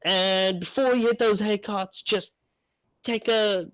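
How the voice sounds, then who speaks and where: A man's voice: sits high, steady tone, takes it slowly, a bit bright, clear, resonant tone, dry recording, pitched above the performer's own voice, low-quality recording. A man voicing a fussy, overly polite male ship crewmate who hurries people along with apologies. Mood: courteous.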